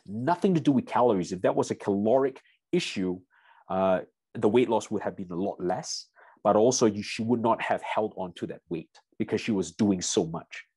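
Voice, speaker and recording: A man with a somewhat low, husky voice lectures as a strength coach in a seminar. He speaks straight to his listeners and tells a client story in an easy, conversational way. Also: moderate pace, darkish tone, no room sound. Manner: storytelling, addresses audience as "you guys".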